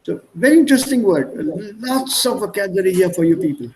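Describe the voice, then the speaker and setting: A man's voice: high-pitched, animated, fast, darkish tone, slight background noise, low-quality recording. A man with an Indian accent teaching an online German class, explaining words through strings of English synonyms. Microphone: video call.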